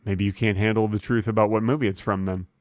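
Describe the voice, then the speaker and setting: A man in his fifties co-hosting a comedy podcast, playing dumb in a deadpan way with absurd claims. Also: lowish voice, quick pace, dry recording. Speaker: podcast co-host. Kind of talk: improvised comedy chat.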